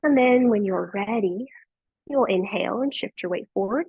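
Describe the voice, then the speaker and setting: A woman's husky, gravelly voice leads a yoga class with gentle, encouraging cues and plenty of praise. The sound is tinny and narrow, like a phone line, with no room echo. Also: medium pitch, normal speed. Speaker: yoga teacher. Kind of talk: guiding a live yoga class.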